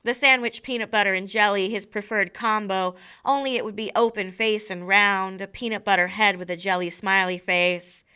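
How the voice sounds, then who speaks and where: A woman, a teacher, reading a novel aloud expressively, slowing down on key phrases. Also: medium pitch, fairly even intonation, pushed and bright, clean tone. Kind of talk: expressive read-aloud narration.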